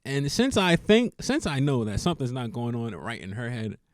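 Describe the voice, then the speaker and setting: A man's voice: mid-range voice, moderate pace, no room sound, clean studio sound. A young man telling a funny personal story in a casual vlog, laughing often and acting out what people said. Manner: animated, laughs often, acts out quotes.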